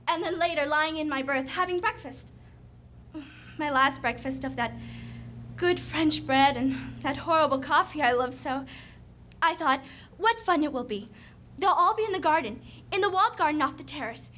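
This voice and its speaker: An actress playing an excited young woman just home from Paris, talking eagerly and chattily in a stage monologue. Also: extremely high pitch, a little hiss or hum, full character voice.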